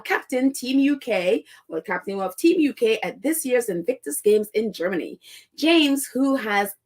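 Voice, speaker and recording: Chatty, sarcastic woman podcast host. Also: on the high side. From United States. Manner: chatty and sarcastic, laughs often, many fillers. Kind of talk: casual commentary.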